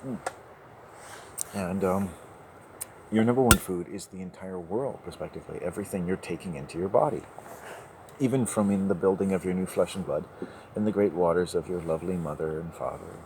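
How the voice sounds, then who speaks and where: A man's voice: sits low, brisk, long pauses, dark tone. A man rambling and joking to himself as he walks home by a river at dusk, often breaking into laughter. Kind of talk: rambling monologue while walking. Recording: noisy outdoor ambience.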